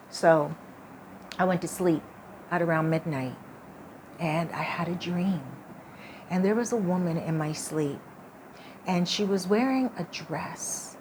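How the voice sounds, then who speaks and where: Woman vlogger spinning a storytime, lowish voice, lots of like and you know. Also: a little mellow, a little hiss or hum. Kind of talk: casual storytime narration.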